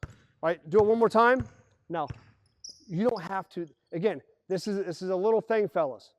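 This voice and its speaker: In an indoor basketball gym, a high-voiced man walks his team through plays at normal speed. The audio is dull with a little hiss or hum, and he energetically explains, calls out actions and voices the players himself.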